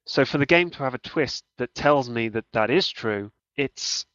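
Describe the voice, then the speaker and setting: A man's voice: medium pitch, lively intonation, normal speed, fairly bright tone, no echo. A man talking casually about video games, often restarting his sentences as he works out his point. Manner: hesitant, restarts mid-thought. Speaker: podcast panelist. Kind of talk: casual gaming discussion. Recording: dull, dry lo-fi audio.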